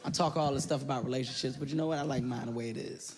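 A young man doing an animated, profane stand-up routine on stage in front of a live audience. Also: medium pitch, very fast, over music. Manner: animated, loud and profane, jumps into voices. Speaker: stand-up comedian. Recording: live comedy club with audience noise.

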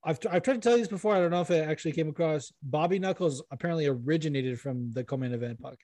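A man's voice: on the high side, racing, warm tone, no echo. A young man hosting a podcast in casual chat, rambling and self-deprecating, swearing now and then. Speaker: podcast host.

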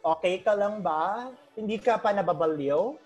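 A woman's voice: medium pitch, moderate pace, a little mellow, faint music behind. A woman with a Filipino accent co-hosting a casual online chat show, teasing and playful, mixing English and Tagalog. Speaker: co-host.

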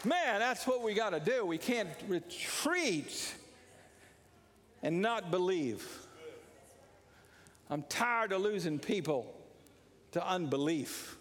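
A pastor preaching an impassioned sermon, repeating his points and rising to shouts. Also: sits high, big pitch swings, takes it slowly, long pauses, a faint crowd. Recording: long reverb of a large hall.

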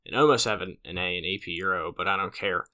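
A man's voice: low voice, quick pace, bright, forceful tone. A teenage man hosting his own podcast, rambling casually with lots of fillers and self-deprecating asides. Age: late teens. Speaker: podcast host. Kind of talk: casual solo podcast monologue.

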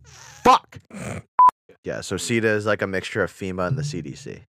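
A man's voice: deep voice, lively intonation, quick pace, a bit bright, dry recording, studio quality. A young man co-hosting a casual podcast, joking, swearing and stumbling while reading aloud. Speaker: podcast co-host. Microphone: studio mic.

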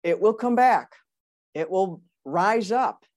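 A woman's voice: mid-range voice, animated, takes it slowly, darkish tone. A woman hosting a conversation, empathetic and encouraging toward her guest. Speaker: host. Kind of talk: conversational interview.

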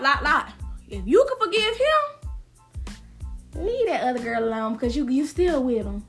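Brief: high-pitched woman host of a gossip podcast, sassy and slangy. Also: fairly bright tone. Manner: sassy, repeats lines for emphasis, slangy. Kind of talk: casual solo gossip podcast.

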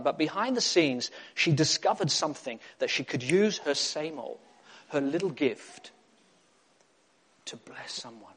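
A man preaching a sermon, emphatic and repetitive, building up to excitement. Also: on the high side, moderate pace, breathy edge. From South Africa.

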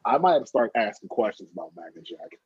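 Husky guy on a sports podcast, swears a lot, very sure of his picks, dull lo-fi sound. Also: fairly low pitch, big pitch swings, fast talker, no room sound. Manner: emphatic, swearing, making bold predictions. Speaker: podcast co-host. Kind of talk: casual sports chat.

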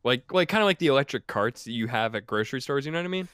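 A man's voice: medium pitch, lively intonation, racing, fairly bright tone, dry recording, clean studio sound. A young man on a podcast, telling a work story in a laid-back, rambling way with lots of fillers. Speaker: podcast regular. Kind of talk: casual storytelling.

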